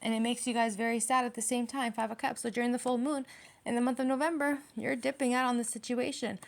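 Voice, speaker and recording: A woman's voice: a little high, little pitch movement, fast talker, gravelly. A woman giving a casual tarot reading, talking bluntly with lots of swearing and emphatic rhetorical questions. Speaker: tarot reader.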